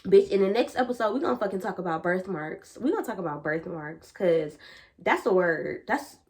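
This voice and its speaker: A young woman vlogging a casual spiritual chat to her viewers, blunt and animated, full of slang and swearing. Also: lowish voice, normal speed. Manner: blunt, profane and animated, lots of slang and 'bitch' as filler. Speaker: vlogger and tarot reader.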